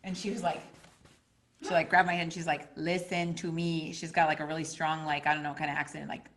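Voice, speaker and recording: A woman teaching a casual spiritual class, rambling with many filler words and jumping into lively quoted voices. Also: deep voice, fast talker, a little hiss or hum. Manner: animated, acting out quotes with a jumping voice.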